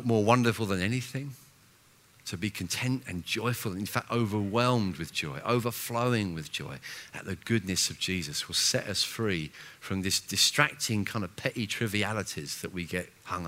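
Animated man preaching a sermon. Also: moderate pace. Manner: animated, self-mocking, with restarts and lively pitch swings. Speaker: senior pastor.

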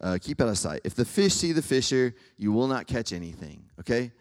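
A man's voice: mid-range voice, sing-song, a little fast. A young man giving a casual, conversational sermon to students, full of fillers and asides. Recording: hall reverb.

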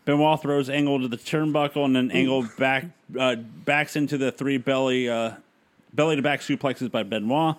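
A man's voice: mid-range voice, moderate pace. A man co-hosting a casual podcast, recapping match action step by step with frequent "uh" and "um". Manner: steady play-by-play recap with fillers. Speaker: podcast host recapping wrestling. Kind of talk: casual chat.

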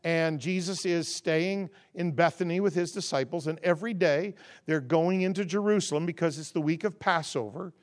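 A man preaching as a guest, stacking rhythmic contrasts that swell loud and then dropping into a relaxed, conversational and humorous storytelling tone. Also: normal speed. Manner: rhythmic call-and-response contrasts, rising to loud emphasis then dropping low. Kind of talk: sermon.

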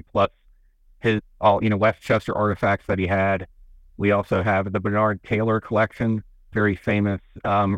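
Low-voiced man telling museum stories. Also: dry recording, rough recording. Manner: rambling, folksy storytelling with many restarts. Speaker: museum representative. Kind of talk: radio interview guest. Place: radio studio. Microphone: studio microphone.

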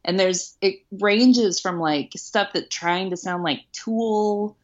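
Speaking slowly in a mid-range voice over lo-fi audio, this late-thirties podcast host from Houston, United States, chats casually. She pokes fun at herself wryly and peppers her talk with ums and likes.

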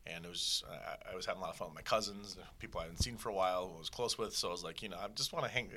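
Fast-talking, lower-voiced male volleyball coach. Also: slight background noise. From Chicago, raised in Las Vegas. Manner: fast, animated storyteller, quick asides. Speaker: volleyball head coach, guest. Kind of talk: casual podcast interview.

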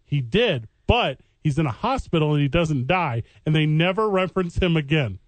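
A man with a slightly high voice co-hosts a sports radio show and rambles through jokey stories. The sound is dry and close, with no room echo. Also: expressive, moderate pace. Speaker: sports radio co-host and stand-up comedian. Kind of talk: joking radio banter.

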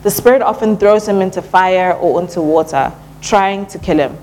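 A young woman preaching a relaxed, conversational sermon at church, often pausing with "um" and dropping in casual slang. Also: on the low side, a little hiss or hum, poor audio. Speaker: church speaker.

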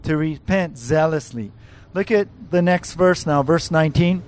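Earnest preaching man, slightly high voice. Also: unhurried, a little mellow. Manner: earnest, emphatic, repeats key words for stress. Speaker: pastor. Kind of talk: sermon.

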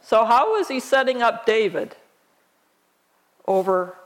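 Slow, deliberate woman preaching a sermon. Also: fairly high pitch, sing-song. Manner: slow, deliberate preaching with emphatic scripture reading. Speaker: pastor.

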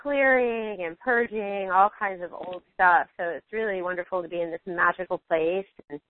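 A woman from New York City, a counselor guest on a talk show, speaking gently and slowly with some restarts. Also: fairly low pitch. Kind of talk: casual interview talk. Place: on vacation in Hawaii. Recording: phone line with faint noise.

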